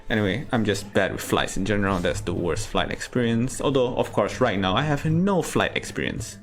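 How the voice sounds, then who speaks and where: Deadpan low-voiced male stand-up comic. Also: fairly quick, faint music behind. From Singapore. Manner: deadpan storytelling with sudden outbursts. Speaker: stand-up comedian. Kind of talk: stand-up comedy set.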